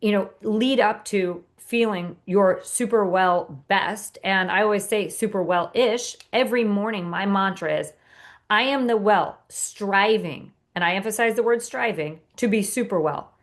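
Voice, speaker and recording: A woman guest on a podcast, speaking about her own ideas in an earnest, motivational way. She talks at a middle pitch and often restarts her sentences with small fillers. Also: normal speed. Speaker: author and guest. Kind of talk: podcast interview.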